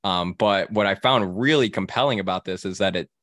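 Young male host, deep voice, halting casual talk, dry mic. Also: a bit bright, no room sound. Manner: halting, many restarts and fillers. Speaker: film podcast host. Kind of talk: casual film discussion.

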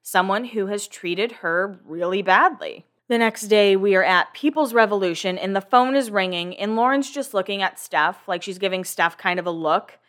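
A woman's voice: mid-range voice, moderate pace, hardly any pauses, a bit bright. A woman hosting a casual recap podcast, rambling through the story in a chatty way. She leans on fillers and drops an occasional swear word. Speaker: podcast host.

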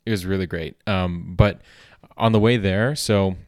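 A man's voice: sits low, steady tone, measured pace, a little mellow, no echo, clean studio sound. A man hosting a comedy podcast, rambling through a monologue full of filler words and restarts. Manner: rambling, heavy on filler words and self-corrections. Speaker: podcast host.

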